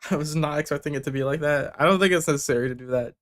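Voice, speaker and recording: A man's voice: on the high side, very fast, a bit bright. A young man hosting a livestream, bluntly reviewing submitted tracks with casual joking and swearing. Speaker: music producer giving feedback on submissions.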